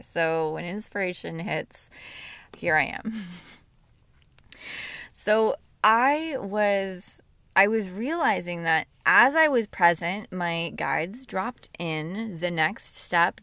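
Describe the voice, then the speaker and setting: A woman hosting a podcast, talking through a reflective monologue while sleepy and yawning, slow and musing with self-corrections. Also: on the low side, gravelly, fairly bright tone, no echo. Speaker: podcast host and yoga teacher.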